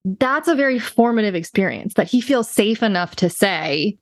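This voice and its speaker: An animated woman co-hosts a casual book club podcast, recorded close and dry with no room sound. Her pitch sits in a middle register for a woman. She retells stories and acts out the quoted lines as she goes. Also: moderate pace, no echo. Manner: animated, quotes others in little voices. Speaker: podcast co-host.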